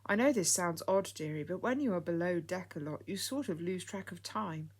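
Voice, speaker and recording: A woman reading the lines of a kindly, grateful old lady in an audiobook story, speaking softly and calling the listener dear. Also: fairly low pitch, moderate pace, slightly rough. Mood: fond. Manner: soft, fond, calls people dear.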